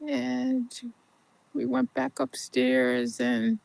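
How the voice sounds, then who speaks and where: An older woman hosting a podcast, telling a personal story in an unhurried, gentle way that often sinks to a soft near-whisper. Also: on the high side, little pitch movement, gravelly. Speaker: podcast host.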